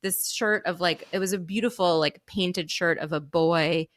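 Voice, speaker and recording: A woman's voice: lowish voice, normal speed, dry recording. A woman in her thirties, podcast co-host, telling anecdotes in casual chat, full of fillers and laughing often.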